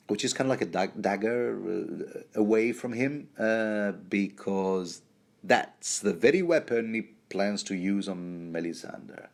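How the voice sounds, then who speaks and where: A man's voice: on the low side, lively intonation, moderate pace, darkish tone. A man hosting a rambling, jokey book commentary, often stumbling and restarting mid-sentence.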